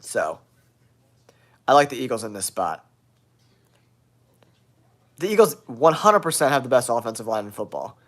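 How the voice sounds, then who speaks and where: A man hosting a football talk show, sounding nasal from a cold, giving blunt, excitable hot takes to his viewers. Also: mid-range voice, normal speed, pauses often. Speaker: sports show host.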